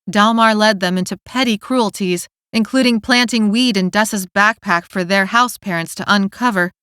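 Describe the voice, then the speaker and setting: Woman, audiobook narrator, scripted narration, smooth, dry studio sound. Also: mid-range voice, no echo. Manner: steady, clear storytelling.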